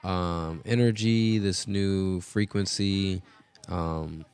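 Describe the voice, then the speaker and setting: A man's voice: low voice, fairly even intonation, extremely slow, darkish tone, smooth. A man hosting a casual live stream, rambling with many filler words as he talks into a podcast mixer setup. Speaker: host.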